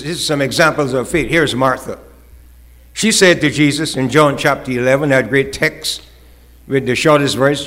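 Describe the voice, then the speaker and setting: A man's voice: medium pitch, a bit bright. A male pastor preaching a sermon, with rising, emphatic calls and acted-out quotes.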